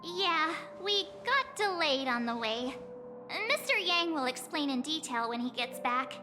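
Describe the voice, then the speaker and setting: An actress voicing a cheerful, bubbly young girl companion in a game, with an expressive delivery. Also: high voice, unhurried, a little hiss or hum, full character voice. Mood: earnest. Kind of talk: game voice acting.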